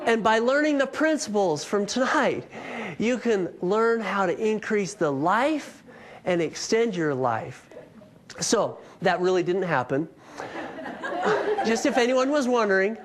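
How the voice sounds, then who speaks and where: A man's voice: sits high, animated, measured pace. A man in his thirties giving a health workshop talk, telling a story with self-mocking humor before moving on to teaching.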